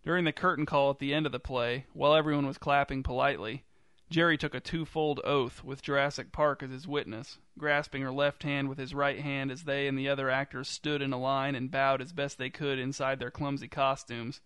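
Bright, crisp male storyteller. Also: mid-range voice, level tone, a little fast, no room sound. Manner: dry, wry storytelling. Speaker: narrator. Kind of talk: storybook narration.

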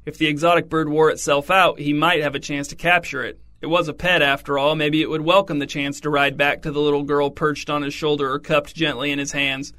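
Bright deadpan storytelling man. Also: fairly high pitch. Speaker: audiobook narrator. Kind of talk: scripted comic narration.

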